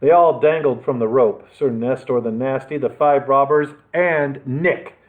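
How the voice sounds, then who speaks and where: Over tinny, phone-like audio, a male librarian narrates a children's adventure tale for storytime, reading dramatically. His voice is mid-range and unhurried.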